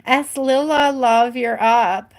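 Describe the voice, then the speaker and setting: A woman's voice: a little high, steady tone, slow pace. Chatty giggly woman reading tarot. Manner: chatty and giggly, often trailing off with "like". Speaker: tarot reader hosting a live stream. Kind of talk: casual live tarot reading.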